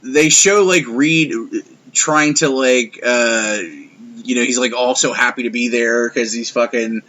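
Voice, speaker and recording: A man's voice: medium pitch, fairly even intonation, a little slow, sharp tone. A man co-hosting a podcast, casually trashing a movie in a profane, rambling, sarcastic way. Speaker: podcast co-host. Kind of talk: casual movie review chat.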